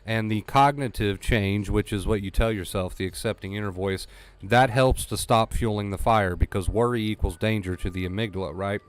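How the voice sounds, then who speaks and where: Lower-voiced man coaching a live stream. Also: normal speed. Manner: blunt, coaching, repeats himself for emphasis. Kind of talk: live-stream talk to chat.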